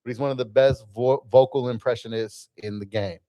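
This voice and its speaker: A man's voice: mid-range voice, brisk, no room sound, muffled recording. A man hosting a casual live stream, teasing and joking with his guest. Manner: teasing, laughing, animated. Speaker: host.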